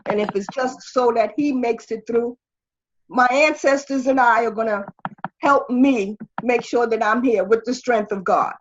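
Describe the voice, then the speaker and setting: An older woman talking as an interview guest, with a husky, strained voice and a rambling way of talking full of restarts. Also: on the high side, normal speed, lo-fi sound, slight background noise. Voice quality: husky, strained voice after throat surgery. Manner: rambling, with many restarts and fillers. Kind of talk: conversational interview.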